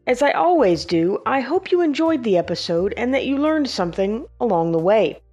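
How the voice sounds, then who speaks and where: A woman's voice: fairly high pitch, very animated, moderate pace, darkish tone, dull audio, faint music behind. A woman hosting a podcast, talking in a playful, self-mocking way. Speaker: podcast host. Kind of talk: scripted podcast outro and blooper chat.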